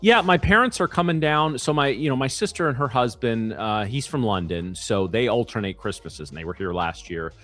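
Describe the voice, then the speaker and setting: A man's voice: mid-range voice, lively intonation, moderate pace, hardly any pauses, fairly bright tone, faint music behind. A man in his thirties co-hosting a live trading stream in casual chat, rambling with many fillers and restarts.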